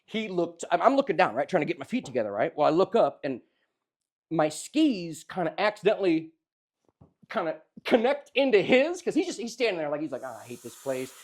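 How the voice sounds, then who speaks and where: A young man telling a funny story in casual chat, animated and often laughing as he acts out what people said. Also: high-pitched, fairly quick. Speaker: podcast host telling a story.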